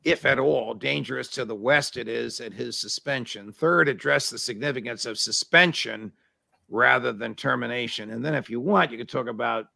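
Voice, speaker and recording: A man hosting an interview, asking brisk, pointed questions. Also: medium pitch, gravelly, sharp tone, no room sound. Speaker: interview host.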